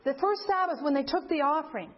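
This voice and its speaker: High-voiced older woman telling a story. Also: fast talker. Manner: animated storyteller acting out quotes. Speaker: speaker. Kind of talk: sermon storytelling. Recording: dull lo-fi sound.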